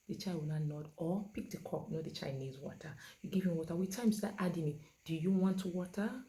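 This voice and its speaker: Low-pitched woman teacher, leans hard on key words, repeats them, lots of ums. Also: darkish tone. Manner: halting, with many fillers. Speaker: autism communication educator. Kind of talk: instructional talk to parents.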